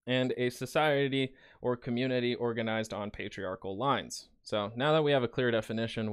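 A man's voice: medium pitch, smooth. A man giving sarcastic reaction commentary, laughing now and then. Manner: sarcastic, chuckling. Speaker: commentary host.

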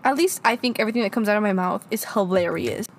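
A woman's voice: medium pitch, fast talker. A young woman co-hosting a podcast, joking and teasing in casual banter. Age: young adult. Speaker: podcast co-host. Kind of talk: casual chat.

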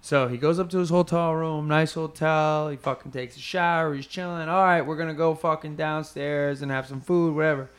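A man's voice: fairly high pitch, normal speed, hardly any pauses, clear, resonant tone. A man chatting casually, telling a story full of swearing and acted-out quotes. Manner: profane, animated storyteller who acts out quotes.

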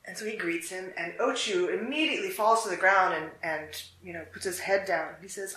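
A storyteller telling a folk tale in a relaxed, unscripted way, with fillers and restarts. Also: medium pitch, fairly quick, few pauses. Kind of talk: casual storytelling. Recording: echoey room.

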